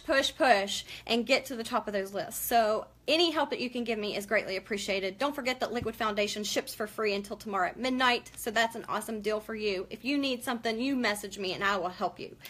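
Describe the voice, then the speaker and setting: A woman's voice: on the high side, bright, forceful tone. A woman hosting a casual live-stream makeup tutorial, chatty and emotional as she greets viewers by name.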